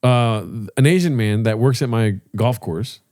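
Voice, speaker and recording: A podcast co-host with a medium-pitched, somewhat dark voice tells golf stories at a measured pace. His casual storytelling is loose and profane, and he acts out the voices of people in his tales.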